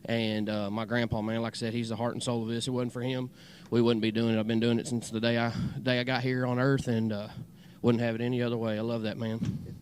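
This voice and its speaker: A man's voice: mid-range voice, level tone, fast talker, few pauses, a little mellow, a little hiss or hum. A man with a Southern US accent, a winning race driver, giving a plainspoken post-race interview and thanking his crew and family. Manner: plainspoken, grateful, many fillers. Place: outdoors at a race track.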